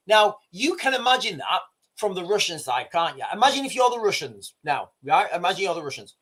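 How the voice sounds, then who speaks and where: A man's voice: high voice, very animated, brisk, a bit bright, breathy edge. A man hosting a livestream, rambling and often restarting while talking straight to his viewers. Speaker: livestream host. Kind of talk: livestream commentary.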